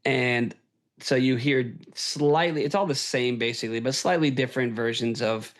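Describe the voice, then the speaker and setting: A man's voice: mid-range voice, fairly even intonation, normal speed. A man hosting a podcast, chatting casually and with enthusiasm, often checking in with "right?". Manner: enthusiastic, tags "right?" onto points. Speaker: podcast host. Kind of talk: casual chat.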